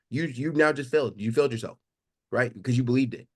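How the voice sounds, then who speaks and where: Fast-talking emphatic man on a video call. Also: medium pitch, no room sound, clean studio sound. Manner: fast, emphatic, swearing, rhetorical questions. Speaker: coaching call participant. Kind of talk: animated motivational chat. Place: home living room.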